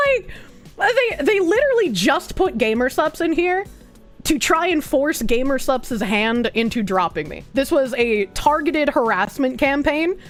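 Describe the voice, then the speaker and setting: A woman streamer with a Boston accent, chatting bluntly and casually with her viewers, swearing often and breaking into laughs. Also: high voice.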